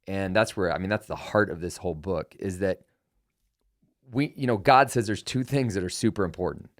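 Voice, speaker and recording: This middle-aged podcast host has a deep voice and speaks at a normal speed. Telling a personal story conversationally, he's animated and acts out each piece of quoted dialogue.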